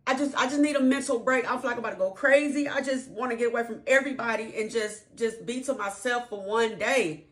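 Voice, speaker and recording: A woman doing a higher, pleading voice as her exhausted wife at her breaking point, repeating her demands emphatically. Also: fast, pauses often, close to an everyday voice. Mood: overwhelmed.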